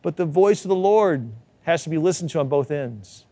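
A man delivers a sermon in a notably high voice, recorded close and dry with little room sound. He preaches with emphatic repetition and acts out quoted lines. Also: expressive, normal speed, dark tone, no room sound. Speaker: pastor.

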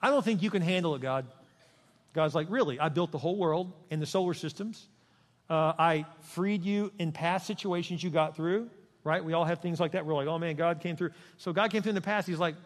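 An older man preaching a sermon as pastor, emphatic and repetitive, dropping to a soft voice for prayer. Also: sits high. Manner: emphatic, repeats lines with the congregation, softens for prayer. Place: large church sanctuary. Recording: long reverb of a large church hall.

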